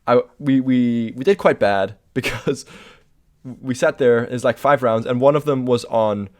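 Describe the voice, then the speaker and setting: A man co-hosting a podcast, joking around and telling stories in a relaxed, playful way. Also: mid-range voice, measured pace. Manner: playful, laughing, lively intonation. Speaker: podcast co-host. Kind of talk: casual chat.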